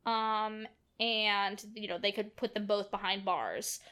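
A woman's voice: medium pitch, steady tone, slow, bright, forceful tone, clear, resonant tone. A woman co-hosting a podcast, casually retelling film scenes with lots of fillers. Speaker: podcast co-host. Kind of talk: casual film recap chat.

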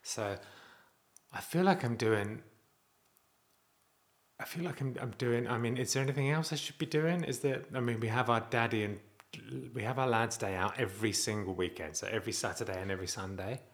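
A man's voice: medium pitch, brisk. A man talking candidly to camera in a personal vlog about being a dad, earnest and rambling, often restarting his sentences. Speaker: vlogger and father.

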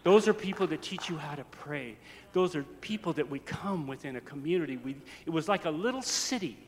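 High, bright-voiced preacher in a big hall. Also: male voice, animated, a little fast, a little hiss or hum. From United States. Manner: storytelling, swings from soft to loud. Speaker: pastor. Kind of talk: sermon.

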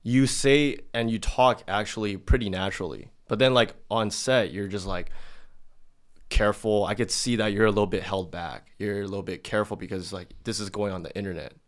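Man, casual chat, low voice, loose chatty talk with lots of "like", flat delivery. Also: a little fast. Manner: loose and chatty, heavy use of "like"; calls his own delivery monotone. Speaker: video co-host.

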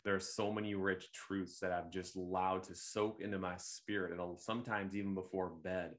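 A man hosting a devotional podcast, speaking in a gentle, unhurried, reflective way with occasional fillers and restarts. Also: sits low, flat delivery. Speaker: podcast host leading devotional meditation.

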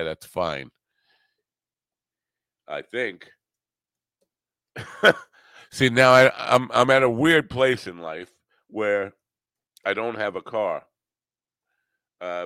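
Rambling deep-voiced male radio host. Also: fairly bright tone, smooth, no echo, clean studio sound. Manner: rambling, self-deprecating, halting with fillers. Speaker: talk show host. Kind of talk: casual radio show chat.

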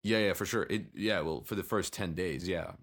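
A man co-hosting a casual business chat over a video call, talking in a reflective, halting way about his sales. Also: low voice, lively intonation. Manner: reflective, halting, with frequent restarts. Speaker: business owner and podcast co-host.

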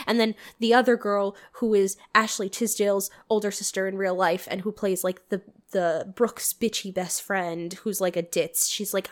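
A young woman hosting a casual movie commentary, animated, incredulous and freely swearing. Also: mid-range voice, moderate pace, few pauses. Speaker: podcast host.

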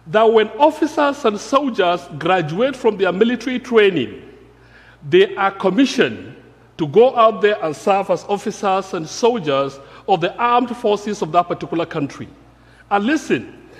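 A man's voice: high-pitched, long reverb tail. A man from Africa preaching a sermon, earnest and emphatic, repeating key phrases. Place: church.

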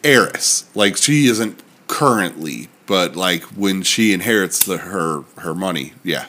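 A man's voice: low voice, lively intonation, a little slow, pushed and bright, slight background noise. A young man co-hosting a podcast, talking bluntly and dryly, swearing casually. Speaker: podcast co-host. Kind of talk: casual chat.

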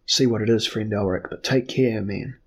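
A man voicing a gruff bald sea captain. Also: lowish voice, fairly even intonation, moderate pace. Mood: urgent. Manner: blunt, calling out.

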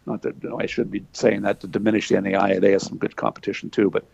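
A man's voice: fairly low pitch, little pitch movement, racing, gravelly, a little mellow, slightly rough, dry recording, lo-fi sound. An older man from Pennsylvania, telling stories in a folksy way with lots of fillers. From Pennsylvania, USA. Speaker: interview guest, former wrestler. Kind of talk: storytelling in casual chat.

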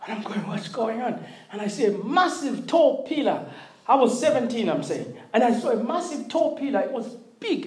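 A middle-aged preacher delivering an animated sermon, repeating words and calling for response from the congregation. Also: mid-range voice. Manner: animated, swings from loud emphatic to quiet intimate. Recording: roomy echo.

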